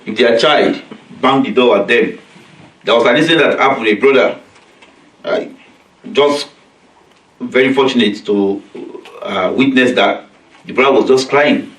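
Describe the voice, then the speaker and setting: Speaking a little slowly with long pauses, a man with a medium-pitched, slightly bright voice leads a weekly religious lesson. He recites verses in Arabic, explains them in plain, repetitive English and performs quoted lines from children and parents, captured at a distance in an echoey community hall.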